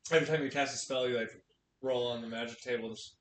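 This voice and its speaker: A man playing in a tabletop game, chatting casually and easygoing, often agreeing quickly. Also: steady tone. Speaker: player. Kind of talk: casual chat. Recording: echoey room with faint rumble.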